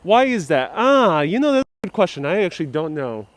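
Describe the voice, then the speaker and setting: A man's voice: high voice, sing-song, a little fast, dry recording. Chatty New York man streaming a street tour. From New York City. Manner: chatty, playful, answers viewers directly. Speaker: vlogger, live-stream tour guide. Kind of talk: casual live-stream walking tour, reading chat comments. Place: city streets outdoors. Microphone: wireless clip-on mic.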